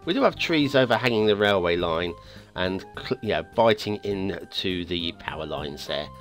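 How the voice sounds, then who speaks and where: Guy rambling through a game map review, lowish voice bouncing all over, bit hoarse, soft music behind. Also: normal speed. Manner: chatty and rambling, with frequent restarts and stammers; lively, swinging pitch. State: voice going hoarse. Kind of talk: casual video game commentary. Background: faint background music.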